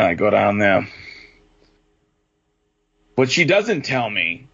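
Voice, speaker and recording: Guy, husky voice, lively swinging pitch, heavy swearing, dull lo-fi podcast sound. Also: slow, pauses often. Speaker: podcast co-host. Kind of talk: casual storytelling chat.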